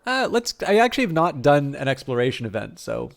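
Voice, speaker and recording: A man's voice: medium pitch, sing-song, a little fast, vocal fry, few pauses. A man streaming live strategy game commentary, thinking aloud with many fillers and restarts and a self-amused tone.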